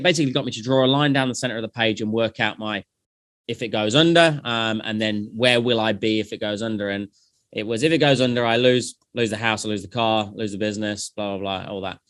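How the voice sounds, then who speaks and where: A man, a company founder, telling animated stories and acting out past conversations in a casual interview. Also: on the low side, no echo, clean studio sound.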